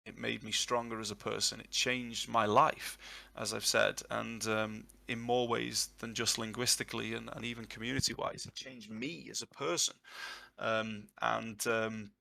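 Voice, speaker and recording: A man whose first language is English, chatting casually and telling jokey, animated stories as a guest teacher. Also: fairly low pitch, normal speed, vocal fry. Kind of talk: casual live chat. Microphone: online call audio.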